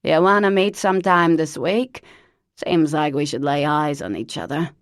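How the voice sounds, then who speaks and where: A woman narrating an audiobook, voicing a blunt chain-smoking older woman with a harsh smoker's rasp and a strong accent. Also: low-pitched, normal speed, dry recording, clean studio sound, natural voice. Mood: gruff. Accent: strong local accent.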